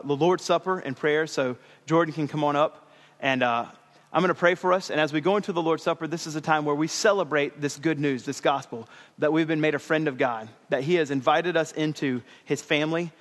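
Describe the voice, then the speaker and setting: A young male pastor delivers a sermon in an easy, conversational way, circling back to repeat his key lines. His voice sits a little high for a man. The sound carries a long reverb from the church sanctuary around him. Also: a bit bright. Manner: conversational preaching with fillers and repeated phrases.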